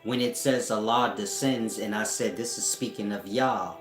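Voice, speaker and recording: A man giving a casual spiritual teaching at home, talking slowly and often checking that listeners follow him. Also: on the low side, faint music behind. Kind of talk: casual esoteric teaching monologue. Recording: echoey room.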